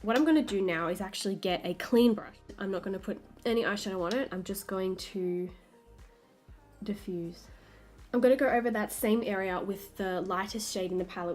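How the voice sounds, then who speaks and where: A woman's voice: medium pitch, moderate pace. Chatty Australian woman explaining makeup. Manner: chatty, explains each step as she works. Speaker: makeup artist. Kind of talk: talk-through makeup tutorial. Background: soft background music.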